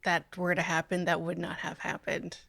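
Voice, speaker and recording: A woman's voice: lowish voice, monotone, moderate pace, gravelly, a bit bright, breathy edge. A woman hosting a podcast in casual chat, with blunt, wry asides. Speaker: podcast host.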